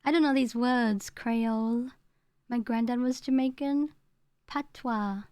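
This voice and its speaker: High-voiced chatty woman. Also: takes it slowly, a little mellow, clear, resonant tone, dry recording. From England. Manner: chatty, rambling, laughing, reacting to chat. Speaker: streamer. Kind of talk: casual stream chat.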